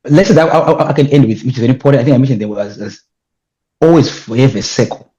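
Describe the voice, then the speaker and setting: A young man with a Zimbabwean accent telling his story as an interview guest, animated and emphatic, repeating words when excited. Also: mid-range voice, quick pace, dull audio. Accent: Zimbabwean English. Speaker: guest, youth leadership speaker.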